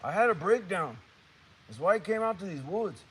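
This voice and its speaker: A man's voice: sits high, sing-song, normal speed, a bit bright, breathy edge, pitched above the performer's own voice, heavily acted. A man voicing a rambling stranger in the woods, with a put-on Mexican American accent and street slang. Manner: street slang, calls listener "Holmes". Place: woods outdoors.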